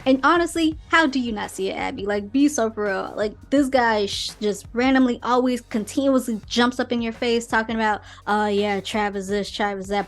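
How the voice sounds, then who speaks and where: A woman hosting a casual podcast, recapping a romance novel in a slangy, animated way and acting out the characters' quotes. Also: on the high side, moderate pace, hardly any pauses, faint music behind. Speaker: podcast host. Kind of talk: casual book review chat.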